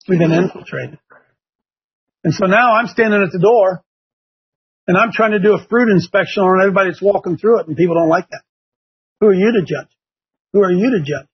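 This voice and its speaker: Husky high-voiced older man, emphatic. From Ohio. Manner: emphatic, repeats his points. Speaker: talk show host. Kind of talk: preachy talk-show commentary. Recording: dull lo-fi sound.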